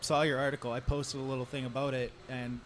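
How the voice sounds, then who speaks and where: A man with a mid-range voice explains online habits in a relaxed, easy way. Clear background noise runs under his voice throughout. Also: medium pitch, fast talker. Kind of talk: casual podcast discussion.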